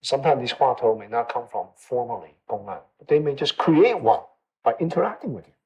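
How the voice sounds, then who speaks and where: A man's voice: mid-range voice, expressive, fairly quick, dark tone, breathy edge, highs cut off. A man teaching a meditation class in a conversational way, often checking in with his listeners and repeating phrases for emphasis. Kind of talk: dharma talk to a class.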